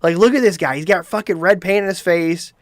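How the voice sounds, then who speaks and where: A man's voice: high-pitched, a little fast. A man hosting a comedic commentary show, ranting in disbelief and swearing freely. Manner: incredulous, swearing rant. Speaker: show host.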